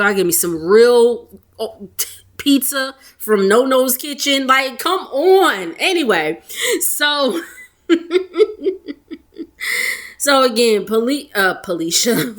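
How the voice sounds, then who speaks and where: A woman's voice: medium pitch, a bit bright. A young woman with a Southern Texas accent, casually recapping a reality show episode in a gossipy way, laughing often and using Southern slang.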